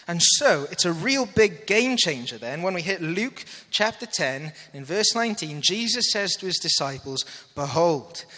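Male preacher, earnest and bright, slightly high voice, hall reverb. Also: lively intonation, moderate pace, hardly any pauses. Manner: earnest, asks audience to follow along. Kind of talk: sermon.

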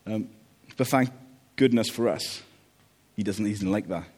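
A man preaching a relaxed, conversational sermon, joking about family life and often checking in with "okay?". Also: fairly low pitch, moderate pace, husky. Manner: chatty, jokey, checks in with "okay?".

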